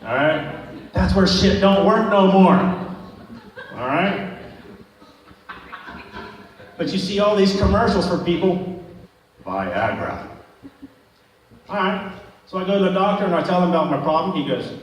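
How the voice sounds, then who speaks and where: A man's voice: high voice, lively intonation, a little slow, pauses often. A male stand-up comedian telling crude, self-mocking stories to a small club audience. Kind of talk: stand-up set. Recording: echoey room, distant mic, faint noise.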